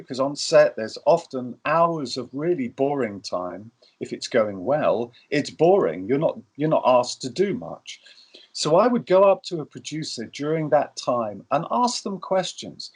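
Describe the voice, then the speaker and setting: Man giving career advice. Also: mid-range voice. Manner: storytelling, acts out quoted lines. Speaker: film industry guest. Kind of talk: advice talk.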